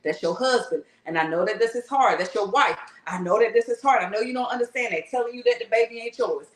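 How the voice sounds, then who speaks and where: A woman with a high voice delivers a fervent spiritual workshop talk. She speaks in blunt, slangy street talk and swears freely. The recording has a roomy echo. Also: quick pace. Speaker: spiritual teacher.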